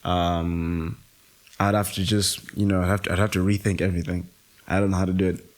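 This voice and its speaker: A man co-hosting a casual podcast, rambling and correcting himself, quick to laugh. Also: deep voice, little pitch movement. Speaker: co-host.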